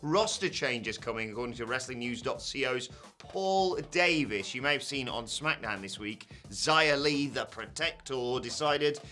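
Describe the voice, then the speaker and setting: A wry British man gives his opinions with dry, sarcastic asides. His bright, forward voice sits at a middle pitch, and faint music plays beneath it. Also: lively intonation, unhurried, hardly any pauses. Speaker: co-host of a news show. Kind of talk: casual news chat.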